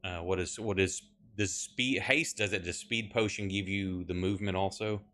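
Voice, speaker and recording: Low-voiced halting man running a tabletop game. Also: fairly even intonation, sharp tone. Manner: halting, many filler pauses. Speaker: game master.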